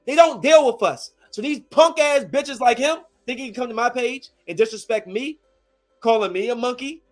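A high-pitched man in his thirties rants straight at his viewers, heated and confrontational, swearing freely. His voice sits well above the usual male range. Soft music plays faintly underneath. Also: moderate pace. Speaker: streamer addressing his viewers. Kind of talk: angry rant to camera.

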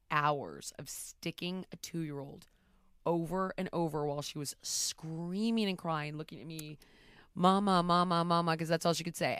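A woman talking in a casual interview, telling stories in a blunt, profane, animated way. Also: sits low, clear, resonant tone, dry recording, studio quality. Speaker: podcast host answering rapid questions.

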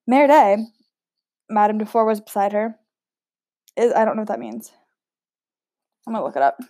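Mellow woman reading a novel with asides. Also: mid-range voice, animated, brisk, no echo, clean studio sound. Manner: casual, stumbles over words, chatty asides. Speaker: audiobook reader.

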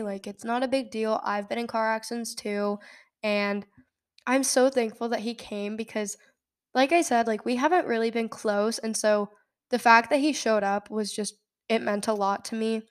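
A young woman with a fairly high voice tells a story on her podcast. She talks casually, laughs often and jumps up in pitch to act out what people said. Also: clean tone. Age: young adult. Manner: animated, laughs often, acts out quotes in a high voice. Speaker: podcast host.

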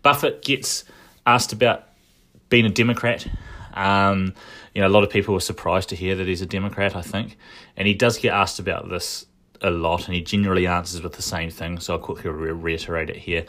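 A man's voice: low-pitched, fairly even intonation, fairly quick, bright, forceful tone. A man giving casual spoken commentary, thinking aloud with frequent restarts and asides. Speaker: commentator recapping a shareholder meeting.

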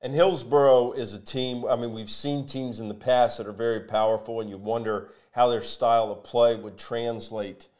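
A man hosts a local sports talk show, reading sponsor spots and breaking down high school football matchups. His delivery is energetic and conversational, and his voice sits in a middle pitch. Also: moderate pace, few pauses.

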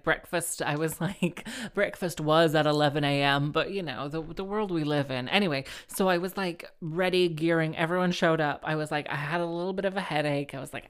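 A slightly hoarse woman hosting a podcast, rambling through a chatty comedic monologue full of fillers and restarts. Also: deep voice. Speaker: podcast host.

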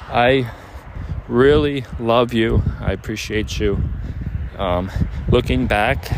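A young man speaking in an earnest, hesitant way, rambling through a heartfelt apology. His pitch sits in an ordinary middle range for a man. Faint outdoor traffic hums behind him. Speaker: boyfriend addressing his partner. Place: outdoors near overhead air traffic.

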